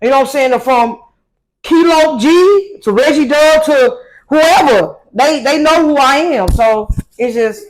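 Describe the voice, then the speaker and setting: A woman's voice: sits high, a little slow. A woman from St. Louis, a guest emcee, chatting casually on a podcast, brash and laughing, tipsy from drinks.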